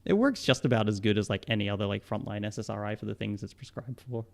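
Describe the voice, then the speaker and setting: A man's voice: lowish voice, quick pace, gravelly. A young man with a mixed Australian and British accent, a psychologist answering questions on a casual live stream, rambling with lots of fillers and laughing often.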